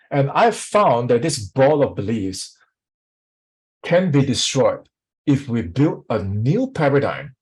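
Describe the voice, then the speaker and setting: A sales coach leads a live online workshop with lots of energy, frequently throwing questions out to the audience. His medium-pitched voice is husky, and the recording sounds rough.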